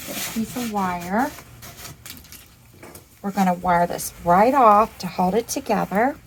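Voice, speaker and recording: A woman's voice: mid-range voice, a little slow, breathy edge, low-quality recording. A woman giving a step-by-step craft demonstration, chatty and upbeat as she works through each step. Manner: chatty, upbeat, calls things cute. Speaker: craft instructor.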